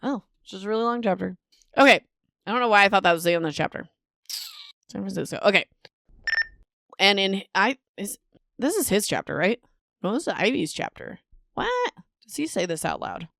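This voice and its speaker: A woman's voice: mid-range voice, sing-song, fairly quick, creaky, long pauses, a bit bright, no room sound, clean studio sound. A woman hosting a casual book podcast. She sounds bubbly and self-mocking, and often stumbles over words while reading aloud. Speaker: podcast host.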